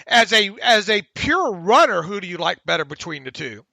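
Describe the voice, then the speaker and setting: A man hosting a sports podcast, his voice pitched high with a crackly, gravelly texture. He sounds bright and sharp, recorded close and dry with no room sound. He chats casually and opinionatedly, restarting his sentences often. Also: very animated, no room sound. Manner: halting, opinionated, self-deprecating. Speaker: podcast host.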